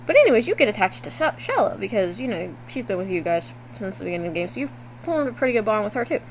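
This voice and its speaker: A woman vlogging to her webcam at home, recapping a video game in a loose, animated way and swearing freely. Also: medium pitch, fast talker, a little hiss or hum, poor audio. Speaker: gaming vlogger. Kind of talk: casual game recap to camera.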